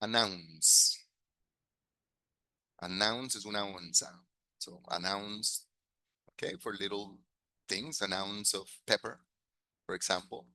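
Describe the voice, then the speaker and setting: Patient teacher. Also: male voice, on the low side, fairly even intonation, slow, long pauses, pushed and bright, no echo, poor audio. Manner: patient, repeats and corrects words, praises students. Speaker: English teacher. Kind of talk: classroom lesson mixing English and Spanish.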